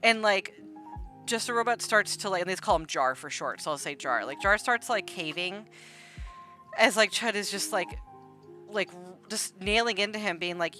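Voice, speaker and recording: A woman's voice: medium pitch, normal speed, bright, forceful tone, soft background music. A woman hosting an art livestream, casually retelling online drama in a rambling way full of "like" and "um". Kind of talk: casual gossip storytelling.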